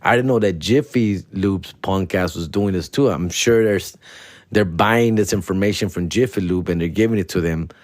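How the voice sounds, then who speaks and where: A man's voice: sits low, normal speed, dry recording, voice pushed down, close to an everyday voice. A man voicing a no-nonsense married woman insurance broker who talks blunt street slang. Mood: explaining.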